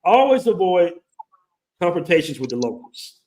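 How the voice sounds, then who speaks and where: A man in his forties, a host telling a story in casual chat, animated and swearing freely. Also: sits high, normal speed. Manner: animated, acts out quoted voices, swears casually.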